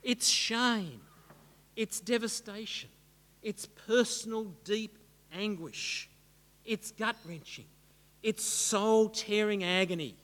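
A man's voice: high voice, slow, a bit bright, long reverb tail. A man preaching a sermon in a dramatic, rhetorical style that builds long lists.

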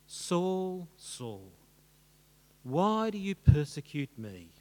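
A man voicing a solemn divine voice speaking from heaven, slow and grave. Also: high voice, very animated, pitched below the performer's own voice, exaggerated voice.

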